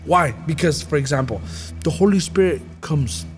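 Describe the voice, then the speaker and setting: A man's voice: on the high side, moderate pace, slight background noise. A man hosting a casual Christian podcast, talking earnestly about the Holy Spirit with rambling restarts.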